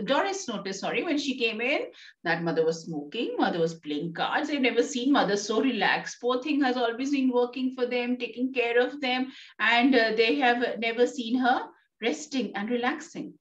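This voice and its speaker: A woman's voice: a little high, expressive, moderate pace. A woman with an Indian English accent, teaching an online English class, reading a play aloud and questioning her students. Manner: explains and questions students, reads lines aloud. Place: classroom or home, online lesson. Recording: echoey room, voice far from mic.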